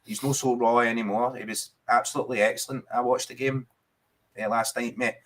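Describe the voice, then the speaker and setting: A Scottish man talks football in a loose, chatty way, tossing in "mate" as he goes. His voice sits at an ordinary middle pitch. It suits a relaxed podcast chat between fans. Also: brisk. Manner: chatty, keeps saying mate. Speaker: podcast co-host.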